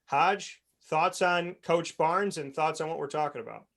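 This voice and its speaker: An earnest man hosts a sports panel over a video call, his voice sitting a little high for a man. He talks in long, rambling runs and often restarts his sentences. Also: a little slow, creaky, fairly bright tone. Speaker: host. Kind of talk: panel discussion.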